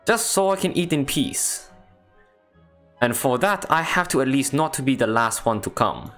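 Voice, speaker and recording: A man reads a visual novel aloud for a playthrough, narrating in a playful mock Russian accent. His voice moves lively up and down, and he breaks off for wry jokes, with faint music behind. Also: mid-range voice, normal speed. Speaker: let's play host.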